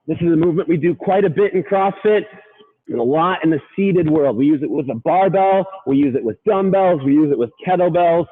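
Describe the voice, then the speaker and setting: A man leads a live workout with a high, bright voice, counting reps and cheering the listener on. He gets winded between rounds. The sound is thin and tinny, like a phone line. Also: expressive, a little fast, husky. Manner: upbeat, counting reps and urging on. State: out of breath at times. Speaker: fitness coach.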